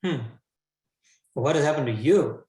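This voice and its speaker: Man putting on an anguished warrior prince, raised pitch, casual pleading, roomy echo. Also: expressive, unhurried, warm tone. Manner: incredulous, pleading, colloquial.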